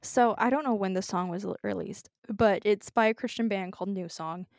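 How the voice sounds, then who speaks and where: A woman's voice: mid-range voice, brisk, gravelly, a little mellow, no room sound, studio quality. A woman co-hosting a podcast in casual chat, giggly and emotional, laughing often. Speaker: podcast co-host.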